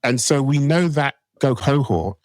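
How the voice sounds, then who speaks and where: A man's voice: mid-range voice, a little slow, no echo, studio quality. A man with a British accent, a podcast guest speaking emphatically and animatedly in an interview. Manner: animated, emphatic, laughs while making points. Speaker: guest, marketing company co-founder.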